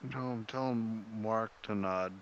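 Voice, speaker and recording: A man's voice: on the low side, unhurried, highs cut off, slight background noise. A man playing a character in a tabletop game, talking casually and joking dryly. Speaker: player.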